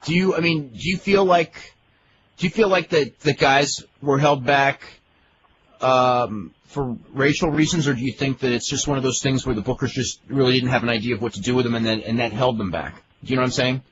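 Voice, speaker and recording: A man hosting a radio talk show, asking casual, quick follow-up questions. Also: mid-range voice. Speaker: radio host. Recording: dull lo-fi radio audio with faint hiss.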